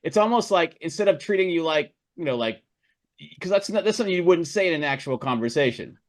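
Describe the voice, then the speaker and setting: A man's voice: fairly high pitch, animated, quick pace. A man hosting a podcast, chatting in a brash, profane, jokey way. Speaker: podcast host. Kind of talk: casual chat.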